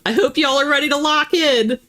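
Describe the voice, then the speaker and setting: A young woman with a slight Southern US twang, hosting a livestream and chatting casually with viewers, laughing often and rattling off quick auctioneer-like spiels. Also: high-pitched, bright, forceful tone. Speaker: livestream host.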